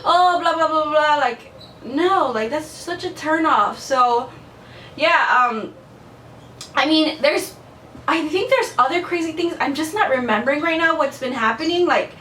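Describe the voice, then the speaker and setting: Blunt, chatty young woman, high voice. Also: measured pace, bright, forceful tone, slight background noise. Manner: chatty, blunt, swears freely, lots of "like". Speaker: vlogger. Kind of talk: casual storytelling to camera. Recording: echoey room, a bit far from the mic.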